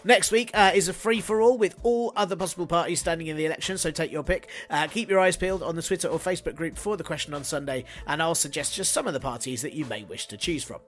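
A man's voice: fairly high pitch, fast talker, hardly any pauses, a bit bright. A man hosting a solo podcast segment, reading listener jokes with sardonic, jokey asides. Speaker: podcast host.

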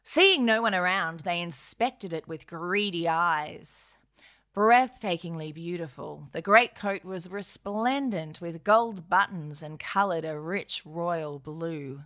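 Bright, playful woman storyteller. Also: lowish voice, slow pace. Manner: playful, wry asides. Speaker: podcast co-host narrator. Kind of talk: comic history storytelling.

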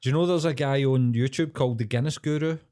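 A man's voice: medium pitch, quick pace, dark tone. Glaswegian man in casual banter. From Scotland. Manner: sweary banter, slips into silly voices. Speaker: podcast co-host. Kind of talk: casual chat.

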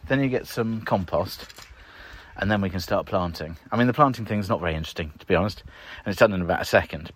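A man's voice: deep voice, fast, husky, no room sound. A man hosting a gardening show, chatting wryly and casually while working outdoors in his garden. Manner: chatty, wry and self-deprecating. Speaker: gardening podcast host. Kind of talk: casual walk-and-talk gardening commentary.

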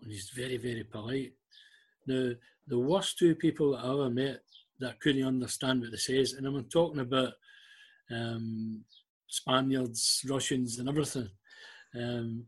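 An older Scottish man, a guest and former club liaison officer, tells anecdotes in a casual storytelling interview. His mid-range voice is husky, and he acts out the quoted dialogue.

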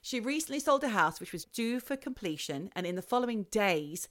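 A woman host spinning a story in a casual chat, animated and talkative. Her voice is bright and lively, with a wide swing in pitch. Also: fairly quick. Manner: animated, chatty, acts out quotes. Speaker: podcast host.

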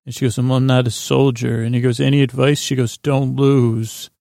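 Very gravelly, flat-voiced man rambling. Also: mid-range voice, normal speed, no echo, studio quality. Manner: meandering, loose retelling with many fillers. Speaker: podcast host. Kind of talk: rambling bedtime episode recap.

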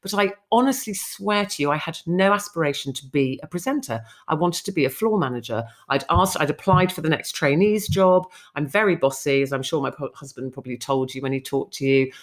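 Middle-aged presenter, woman, lower register, lively storyteller who mimics others. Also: fairly quick, few pauses. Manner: animated, acts out quoted speech. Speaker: TV presenter, interview guest. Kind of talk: chatty anecdotal storytelling.

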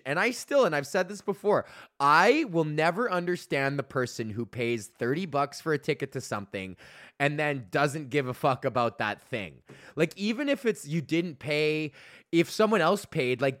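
A man hosting a podcast, telling a profane, animated story in a casual rant, often laughing. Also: fairly high pitch, no room sound, clean studio sound. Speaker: podcast host. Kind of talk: casual ranting monologue.

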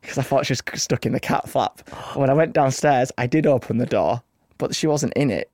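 A man's voice: medium pitch, brisk, darkish tone, dry recording, studio quality. A man co-hosting a podcast in casual chat, telling a story and laughing often. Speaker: podcast co-host.

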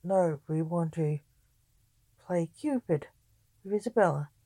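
Storybook nobleman, calm and measured, read by a woman; slow, warm delivery. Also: on the low side, dry recording, full character voice. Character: calm male earl, measured and diplomatic.

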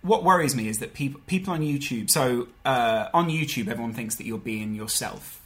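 A man's voice: mid-range voice, expressive, normal speed. A man in his twenties, a podcast guest chatting casually and joking, laughing easily. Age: 20s. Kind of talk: casual chat.

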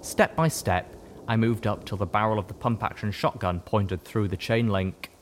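A man giving a first-person audiobook narration with steady storytelling. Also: on the low side, normal speed, a little hiss or hum.

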